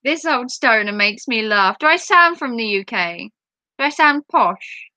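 A woman's voice: a little high, expressive, unhurried, sharp tone, no room sound. Chatty Norfolk-accented woman streamer. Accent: Norfolk English. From England. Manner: chatty, giggly, answers chat aloud. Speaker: livestreamer. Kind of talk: casual livestream chat reading comments.

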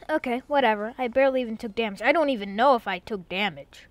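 Excitable young woman narrating her gameplay. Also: a little high, brisk, few pauses, no echo, faint music behind. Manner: excitable, loud outbursts, rambling self-talk. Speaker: gamer. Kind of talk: casual let's-play commentary.

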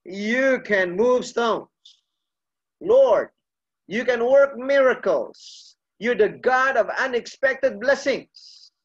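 A man voicing a small, thin, humble pastor who prays in an earnest, slow, pleading way. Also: very high-pitched, lively intonation, lo-fi sound, heavily acted. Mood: prayerful.

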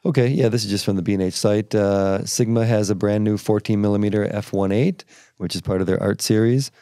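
A man's voice: fairly low pitch, steady tone, fairly quick, warm tone, clear, resonant tone, no echo, studio quality. A man co-hosting a podcast, reading product listings aloud in a casual, slightly hesitant way. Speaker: podcast co-host.

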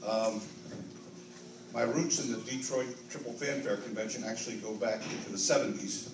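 A man's voice: medium pitch, background noise. Older man giving an echoey acceptance speech. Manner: earnest, grateful, rising to emphatic peaks. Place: large convention banquet hall. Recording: roomy hall echo, distant mic, audible ambience.

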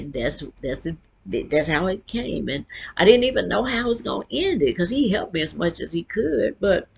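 Woman in her 60s, gravelly voice, frank earthy storyteller, casual personal chat. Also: lowish voice. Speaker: vlogger and author.

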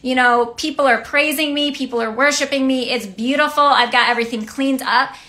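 A woman voicing God, who is content in his perfect heaven and speaks in a relaxed, matter-of-fact way, a little higher than her own voice. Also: a little fast.

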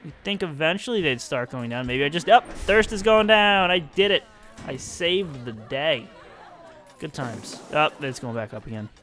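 A man's voice: mid-range voice, expressive, normal speed, fairly bright tone, faint music behind. A young man giving casual, self-mocking commentary while playing a building game, talking to himself as he works. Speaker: let's-play gamer.

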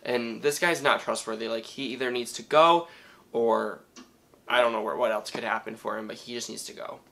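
Hosting a reaction video, a man talks back to the screen in excitable, casual commentary. His mid-range voice is creaky, moves at a moderate pace, and the audio is poor.

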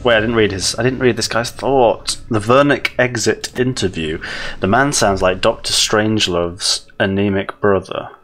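A man's voice: on the low side, steady tone, normal speed, fairly bright tone, slight background noise. A man casually commenting on a horror game he plays, joking and sarcastic while reading notes aloud. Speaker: let's play host.

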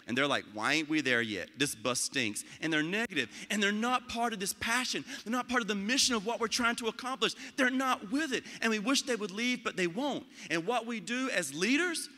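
Guy giving a pep talk, bright voice, kinda high, big echo in the hall. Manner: animated storyteller, acting out quoted voices. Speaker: school leader giving a talk. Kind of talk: motivational speech.

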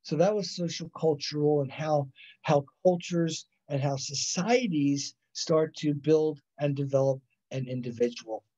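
A man gives a psychology lecture over a video call, and his voice sits a little high. He rambles, restarts his sentences and keeps tossing in "right?" as he goes. The audio is dull and lo-fi. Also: fairly even intonation, a little slow, mellow. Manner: rambling, self-correcting, frequent "right?" and "you know". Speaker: college psychology instructor. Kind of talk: recorded online lecture.

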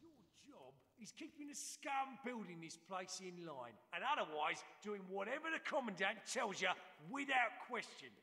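A mocking drill sergeant. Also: male voice, sits high, sing-song, normal speed, few pauses, pushed and bright, in a large hall, full character voice. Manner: barking, mocking orders. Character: gruff male drill sergeant of a fortress.

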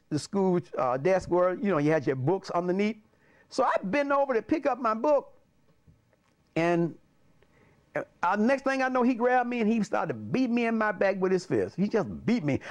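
An older man from Alabama, a pastor telling stories from his childhood in an animated way, often chuckling. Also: high voice. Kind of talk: personal storytelling.

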